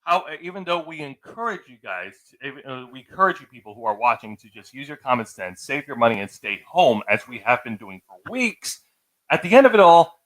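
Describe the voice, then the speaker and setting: Brief: man co-host, casual live chat, lively pitch and a bright tone. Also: brisk, poor audio. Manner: earnest, addressing viewers directly. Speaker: podcast co-host.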